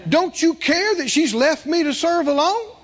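A man's voice: very high voice, expressive, normal speed, pitched above the performer's own voice. A man acting out an exasperated, nagging woman in a complaining voice, on a dull lo-fi recording. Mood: indignant. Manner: complaining, indignant.

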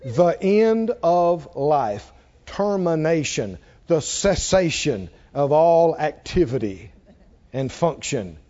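A man preaching a sermon to a congregation, slow and measured, building up to shouted exclamations. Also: fairly high pitch, very animated. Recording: dull lo-fi recording.

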